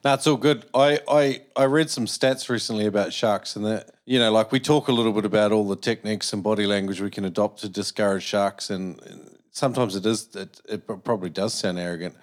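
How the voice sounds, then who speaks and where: A male podcast host in casual conversation, relaxed, with many fillers. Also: lowish voice, brisk. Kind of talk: casual chat.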